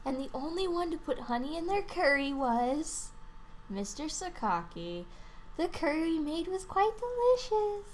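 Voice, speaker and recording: A woman's voice: sits high, big pitch swings, measured pace, a little hiss or hum. A woman playing a dating game, reading it aloud casually with crude joking asides. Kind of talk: casual let's-play reading.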